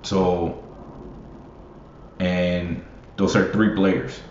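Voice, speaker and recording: A man's voice: low-pitched, flat delivery, drawn-out words, darkish tone. A young man rambling as a basketball fan in casual solo commentary, swearing freely and laughing often. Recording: roomy, muffled, faint hiss.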